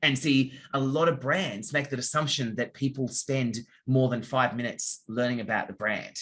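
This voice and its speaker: A man speaking as a copywriter guest in an interview, giving casual answers and explaining with examples, now and then acting out readers' reactions in quick asides. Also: mid-range voice, a bit bright.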